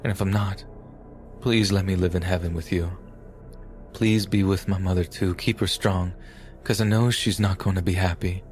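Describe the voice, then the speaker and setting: A man voicing a badly injured twenty-year-old man, shaky, halting and pleading. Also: sits low, steady tone, darkish tone, soft background music, lightly acted. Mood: praying softly.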